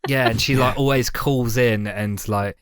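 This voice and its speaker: A man's voice: mid-range voice, steady tone, measured pace, clear, resonant tone, no room sound, studio quality. A man co-hosting a casual film podcast, rambling and laughing as he talks. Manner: laughing, rambling with lots of fillers. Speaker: podcast co-host. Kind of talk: casual chat.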